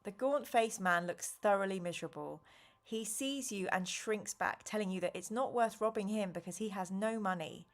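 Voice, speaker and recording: A woman reads a fantasy gamebook aloud to a live stream audience, in a voice of middling pitch. She breaks off from the narration to react with quick exclamations. She chats with viewers between passages. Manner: animated, exclaiming and reacting to chat. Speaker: host reading an interactive gamebook on stream. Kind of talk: live-stream gamebook reading with chat banter.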